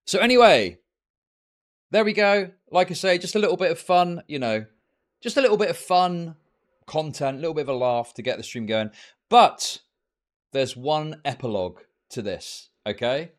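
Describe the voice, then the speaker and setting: A man's voice: on the high side, moderate pace. A young man streaming, ranting sarcastically about social media posts and swearing often. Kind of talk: ranting livestream commentary.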